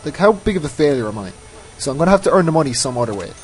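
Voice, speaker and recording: A man's voice: on the high side, big pitch swings, rapid-fire, rough recording. A man giving casual, rambling commentary over his own gameplay, often mocking himself. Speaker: let's play host.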